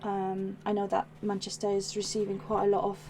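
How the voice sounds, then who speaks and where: A woman's voice: mid-range voice, completely flat delivery, a little fast, creaky, warm tone, a little hiss or hum. A woman hosting a live craft demo, chatting in a rambling way with many ums and restarts, reading out viewer comments as she works. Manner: reads viewer comments aloud while working.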